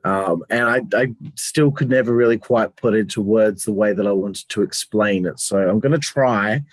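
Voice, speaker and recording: A man's voice: fairly low pitch, normal speed, dry recording. A man co-hosting a casual review chat, talking in a rambling, hesitant way and swearing casually. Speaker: podcast co-host.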